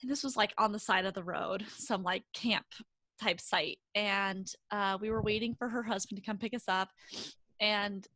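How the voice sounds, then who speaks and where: Bright-voiced young woman telling a story. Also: moderate pace, no room sound. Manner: animated storyteller, acts out quotes in a high voice. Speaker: podcast co-host. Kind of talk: casual chat over video call. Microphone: video call mic.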